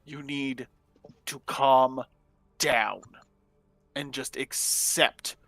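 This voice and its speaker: A man's voice: medium pitch, fairly even intonation, extremely slow, a bit bright, dry recording. A man playing a stern, lecturing male alien.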